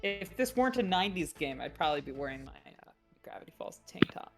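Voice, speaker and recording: A woman's voice: on the low side, sing-song, quick pace, gravelly, over music. Woman joking bawdily at a game table. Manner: bawdy, playful joking. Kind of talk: casual out-of-character chat at a game table.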